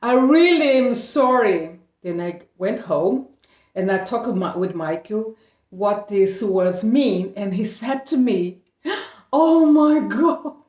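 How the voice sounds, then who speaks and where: A middle-aged woman from Brazil, Portuguese-speaking by birth, recounts her story in slow, halting English. She often restarts phrases and laughs between them. Her voice sits back from the microphone in a roomy, echoing space. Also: mid-range voice, animated, a little mellow, far from the mic. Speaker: vlogger. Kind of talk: casual storytelling. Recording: echoey room, voice a bit off-mic.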